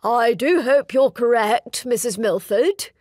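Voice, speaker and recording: A woman voicing a polite fortune-hunting gentleman. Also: fairly high pitch, animated, slow, dry recording, clean studio sound.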